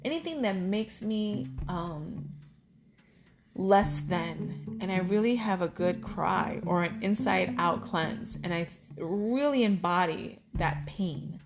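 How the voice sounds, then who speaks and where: A woman's voice: fairly low pitch, lively intonation, slow, music in the background. A middle-aged woman vlogging about her life in a candid, heartfelt, rambling way. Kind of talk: casual personal talk to camera.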